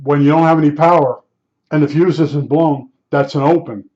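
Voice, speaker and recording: A man's voice: on the high side, steady tone, moderate pace, darkish tone. An older man from New Jersey telling a rambling personal anecdote in a casual, conversational way, full of fillers and restarts. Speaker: storyteller. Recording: dull lo-fi recording.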